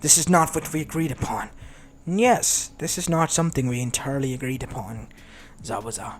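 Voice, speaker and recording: A man's voice: medium pitch, normal speed, a little hiss or hum, natural voice. A man doing a crude sneering rogue ninja boss. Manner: mocking and vulgar. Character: lecherous crude male rogue ninja leader.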